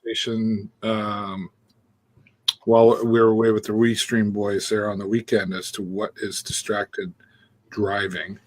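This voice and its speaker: A man's voice: on the low side, flat delivery, unhurried. A man co-hosting a casual live-stream chat, easygoing and teasing, chuckling a lot. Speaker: co-host.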